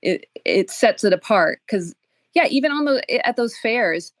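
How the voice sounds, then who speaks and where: A woman's voice: fairly high pitch, lively intonation, measured pace, no room sound. A woman co-hosting a podcast in casual chat, giving thoughtful advice to other makers. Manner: thoughtful, gives advice with fillers and restarts. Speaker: podcast co-host.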